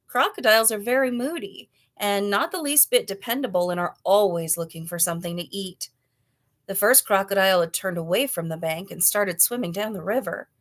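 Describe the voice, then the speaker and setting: A woman reads a children's novel aloud in a clear, expressive storytelling voice. Her pitch sits in an ordinary middle range, and she moves steadily through the narration. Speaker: storybook reader.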